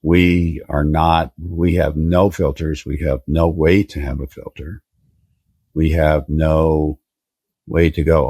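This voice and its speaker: An older man with a very deep, husky voice speaks slowly as a therapist explaining child development. His tone is measured and emphatic, and he is recorded close to the mic in a dry studio. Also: little pitch movement, a little mellow, no echo. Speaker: therapist guest. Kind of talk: explanatory interview talk.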